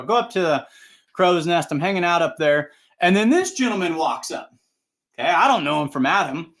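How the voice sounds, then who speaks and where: A man's voice: on the high side, expressive, a little fast, fairly bright tone. Chatty, upbeat male show host. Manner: chatty, rambling, upbeat anecdotes. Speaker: tractor pull announcer and show host. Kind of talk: casual livestream storytelling.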